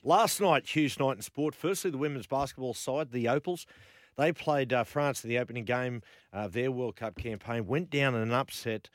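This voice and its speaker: A man's voice: medium pitch, moderate pace, no echo, studio quality. A man hosting a breakfast radio show, chatting in a blokey, joking way. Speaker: radio host.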